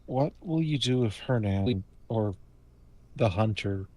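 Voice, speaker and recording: A man playing a tabletop game, asking questions slowly and deliberately. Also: fairly low pitch, expressive, dark tone. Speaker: player.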